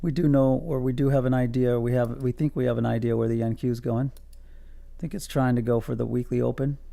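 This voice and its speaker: Man, live trading stream commentary, casual, self-amused, gravelly, mellow. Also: medium pitch, fairly even intonation, brisk. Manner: joking, self-amused, talks to viewers. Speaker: futures day trader streaming live.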